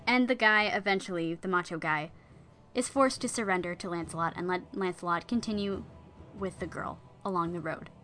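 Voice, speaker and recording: A woman casually retelling an old legend in a bright, clear voice. She is chatty and drops in wry asides, and faint music plays behind her. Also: on the low side, fairly quick. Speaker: storyteller.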